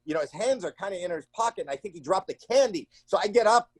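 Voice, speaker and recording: A comedian guest in an interview, telling stories in an animated way and acting out the people in them with sudden shrill cries. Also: male voice, fast, no room sound. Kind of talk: animated storytelling in a casual interview. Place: home.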